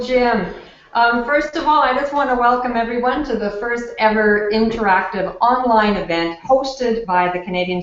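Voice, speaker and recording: A woman hosting an online talk event in a casual, chatty way with frequent fillers. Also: on the high side. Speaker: event host. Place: community hub classroom. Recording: echoey room, dull lo-fi sound.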